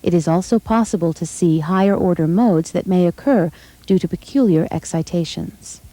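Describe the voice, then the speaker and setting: Woman, scripted narration, technical, lowish mellow voice, dry recording. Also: no room sound, rough recording. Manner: measured, technical.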